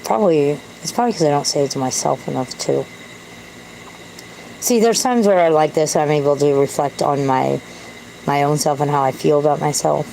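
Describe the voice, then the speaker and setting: A woman's voice: low-pitched, normal speed, creaky, mellow, a little hiss or hum, rough recording. A woman talking to camera in a candid, self-deprecating, rambling way. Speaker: vlogger. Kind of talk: casual rambling monologue.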